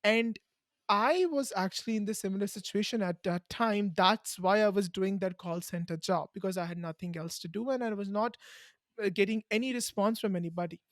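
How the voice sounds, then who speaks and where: A young woman with an Indian accent hosts a podcast. She talks earnestly and encouragingly, at a middle pitch, and leans on repeated phrases for emphasis. The sound is dry and close. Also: fairly quick, no room sound. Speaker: podcast host. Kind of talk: conversational interview answer.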